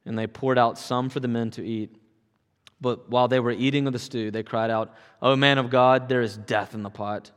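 A man reads scripture aloud at a steady, measured pace. His voice sits in the middle of the male range and rings out with a long reverb, as if carried through a church hall. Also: medium pitch. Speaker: scripture reader. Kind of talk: Bible reading.

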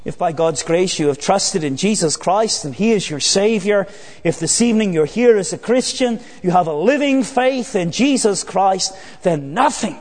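A man with a high voice preaches an evening sermon, earnest and deliberate, sinking low and slow on his key phrases. His voice rings through a church with a long, lingering reverb. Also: expressive, a little mellow.

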